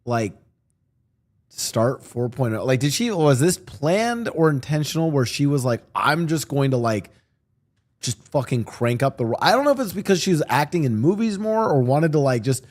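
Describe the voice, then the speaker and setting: A man's voice: mid-range voice, moderate pace. Host guy chatting, voice jumps all over, stammers a lot, laughs easy. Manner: animated, laughs often, stammers when starting. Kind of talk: casual chat.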